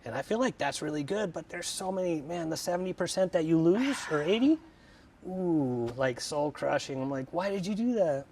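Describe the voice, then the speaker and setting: A man hosting a casual podcast at home over drinks, talking about racing in a relaxed, reflective way. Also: on the high side, moderate pace. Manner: relaxed, reflective, affirms often with "yeah". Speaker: podcast host and racer. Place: his house, over drinks. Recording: slightly distant mic with faint background noise.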